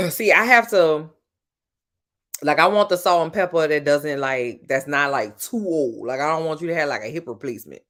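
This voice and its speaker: A woman's voice: low voice, normal speed, a bit bright. A woman with a New Orleans accent chatting casually with her livestream viewers, talkative and blunt, calling people "child" and "baby". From New Orleans, USA. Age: adult with grown-up sons. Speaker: livestream host.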